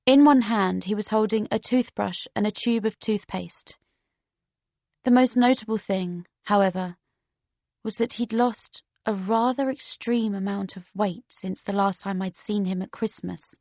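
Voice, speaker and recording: A woman reading a first-person novel aloud as an audiobook narrator, steady and measured. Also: medium pitch, dry recording.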